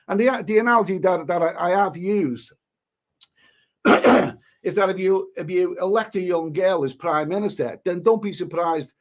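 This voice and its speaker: A man's voice: sits high, unhurried. A man, hosting a live stream and rambling through crude commentary with many restarts. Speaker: livestream host.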